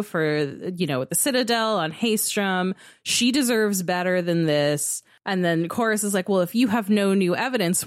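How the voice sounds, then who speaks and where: A woman casually chatting as a podcast co-host, telling a game story with animated retelling of the dialogue. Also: medium pitch, no room sound, studio quality. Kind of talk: casual game recap chat.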